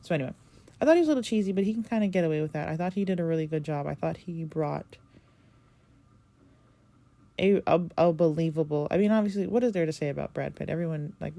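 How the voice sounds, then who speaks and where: A woman's voice: low-pitched, quick pace, gravelly, mellow. A young adult woman hosting a podcast, talking in a rambling, gushing way with lots of filler words. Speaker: podcast host. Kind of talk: casual solo podcast review.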